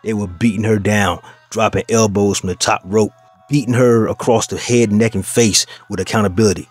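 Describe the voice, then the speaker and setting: A man's voice: on the low side, fairly even intonation, normal speed, soft background music. A man hosting a reaction video, giving mocking commentary and addressing his listeners as fellas.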